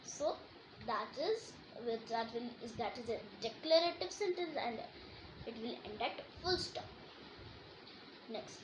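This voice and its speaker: A woman's voice: high-pitched, dull audio, a little hiss or hum. A woman teaching a grammar lesson, explaining and reading example sentences aloud with emphasis.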